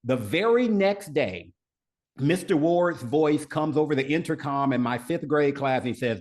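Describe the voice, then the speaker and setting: A man's voice: mid-range voice, expressive, normal speed. Man telling an earnest story, slight stutter. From United States. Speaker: podcast guest, leadership coach. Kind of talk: storytelling interview answers.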